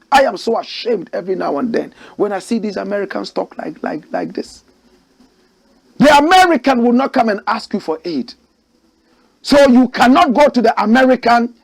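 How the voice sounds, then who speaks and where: Ghanaian man, host, impassioned political commentary, rhetorical, outraged, high voice, very animated pitch. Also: gravelly. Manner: preachy, rhetorical, rising to outraged shouts.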